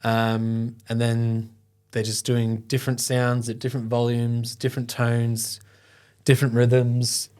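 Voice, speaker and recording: A man's voice: mid-range voice, completely flat delivery, a little slow, a little mellow, clear, resonant tone. A middle-aged man, telling a personal story in an interview. He talks in a loose, conversational way with many fillers and sometimes gets choked up. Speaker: guest, foundation founder.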